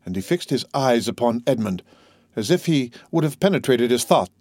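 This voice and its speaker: A man narrating an audiobook with a steady, even reading. His voice sits in a middle range for a man. The sound is close and dry, with no room around it. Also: mid-range voice, moderate pace, no echo. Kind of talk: scripted narration.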